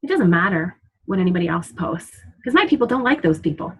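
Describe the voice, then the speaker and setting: A woman in her thirties speaks on a team call as a fitness coach, open and emotional. She swears casually as she talks. Her voice has a husky edge. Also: on the low side, lively intonation, fairly quick, poor audio. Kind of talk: motivational team call talk. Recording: call audio.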